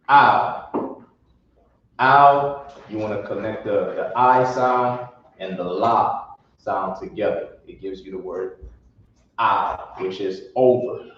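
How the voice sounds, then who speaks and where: A man teaching a classroom lesson on pronunciation, sounding out syllables one by one in a blunt, informal way. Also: lowish voice. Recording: echoey room from far off, dull lo-fi.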